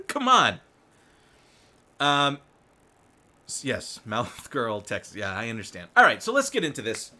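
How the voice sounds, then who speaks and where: A man hosting a live political commentary show, his voice bright and forward. He talks in an animated, rambling way, laughs often and swears freely, and he reads news items aloud and keeps cutting in with his own asides. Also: medium pitch, normal speed. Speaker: show host.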